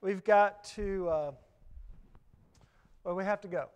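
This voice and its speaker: A man's voice: high voice, slow pace, smooth. A man with a Southern US accent preaching a sermon, emphatic, with repeated phrases and rhetorical questions.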